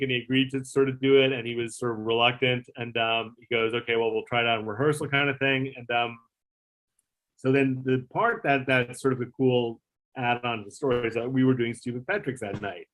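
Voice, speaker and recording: A former talk show producer, middle-aged, recounts a story during a laid-back interview. His voice sits at medium pitch with a level, slightly bright tone and a normal pace, and he imitates the voices he quotes, swearing and using plenty of fillers.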